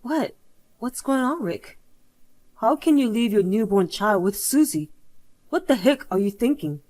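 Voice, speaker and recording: A woman's voice: a little high, lively intonation, unhurried, a little mellow. A synthetic woman's voice reading a scolding, urgent man. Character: angry brother, an adult man.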